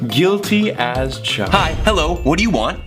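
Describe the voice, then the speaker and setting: A man's voice: a little high, very animated, normal speed, music in the background, pitched above the performer's own voice. A man playing a smug, sly deceiver. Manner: smug, mocking. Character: sly, smug male liar and trickster.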